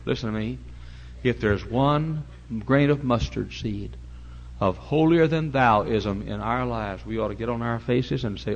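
A male pastor preaching a sermon, telling folksy stories and rising to loud preaching. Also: mid-range voice, unhurried, highs cut off.

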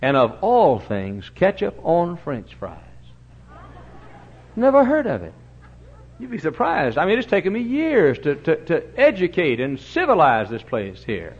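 An older man preaching a sermon in a church, telling stories and swinging from booming shouts to low, quiet asides. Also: huge pitch swings, measured pace, breathy edge. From Texas. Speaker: pastor. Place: church sanctuary. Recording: dull lo-fi recording.

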